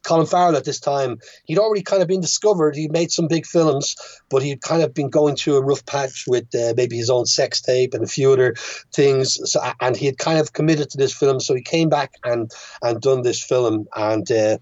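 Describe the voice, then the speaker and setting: A man's voice: medium pitch, moderate pace, a little mellow, no echo, highs cut off. A man with an Irish accent, a guest filmmaker chatting on a podcast, hesitant and full of restarts and fillers. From Ireland. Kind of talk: casual podcast chat.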